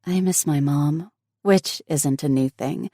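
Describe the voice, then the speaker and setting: A woman's voice: sits low, takes it slowly, warm tone, no room sound, studio quality, heavily acted. A woman voicing an anxious young woman who grieves for her ill mother, speaking in an earnest, emotional way. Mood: sad.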